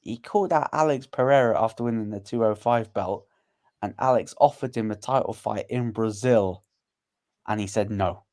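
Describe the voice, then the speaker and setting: A man co-hosting a casual fight watchalong, eager and opinionated, quick to call the next matchups. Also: on the low side, darkish tone. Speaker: co-host. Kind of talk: casual fight commentary chat.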